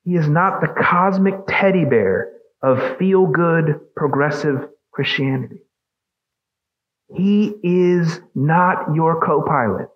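A man's voice: on the high side, takes it slowly, highs cut off. A man preaching a sermon as pastor, emphatic and asking the congregation questions.

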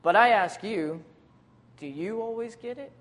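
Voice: mid-range voice, a little slow, in a large hall. Casual, conversational preacher. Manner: lively, dramatic retelling of scripture scenes. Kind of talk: sermon.

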